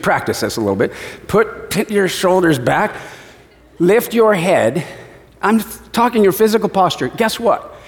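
Animated male preacher in a reverberant hall. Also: on the high side. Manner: animated storytelling preacher, acting out quotes. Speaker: pastor. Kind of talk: sermon.

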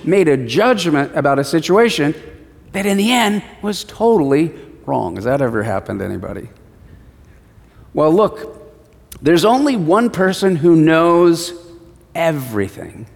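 A man's voice: fairly high pitch, creaky. A man preaching a sermon, asking the congregation questions and acting out short exchanges. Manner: asks the congregation questions, acts out short dialogues. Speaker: pastor. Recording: long hall reverb.

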